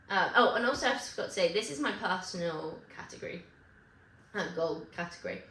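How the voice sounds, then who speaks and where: A woman's voice: mid-range voice, pushed and bright, a little hiss or hum. Chatty woman vlogging in an echoey room. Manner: chatty, rambling, self-correcting with quick asides. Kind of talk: casual chat to camera. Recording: echoey room with faint ambience.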